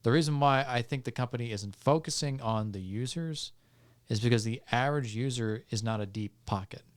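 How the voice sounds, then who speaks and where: A man, a podcast guest, calmly explaining legal points step by step with frequent fillers and restarts. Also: mid-range voice, a little fast. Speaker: podcast guest on music law. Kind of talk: explanatory casual talk.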